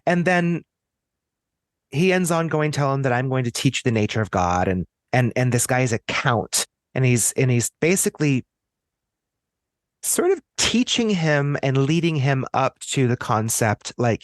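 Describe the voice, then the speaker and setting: An American man chatting as a podcast guest, thinking aloud and often circling back to restart his sentences. His pitch is mid-range for a man. The recording is close and dry, with no room sound. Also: expressive, moderate pace, dry recording. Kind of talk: casual podcast discussion.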